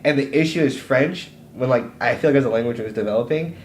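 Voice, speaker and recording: A man's voice: medium pitch, darkish tone. A young man from Las Vegas co-hosting a podcast, talking casually with lots of stammers and restarts. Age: young adult. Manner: rambling, quick restarts and stammers. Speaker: podcast co-host. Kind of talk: casual chat. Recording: echoey room, faint background hiss.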